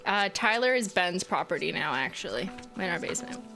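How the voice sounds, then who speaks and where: A woman's voice: lowish voice, animated, a little fast, vocal fry, bright, forceful tone, faint music behind. A woman in her late twenties opening fan mail on a live stream in casual, chatty talk, swearing freely and laughing often. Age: late 20s.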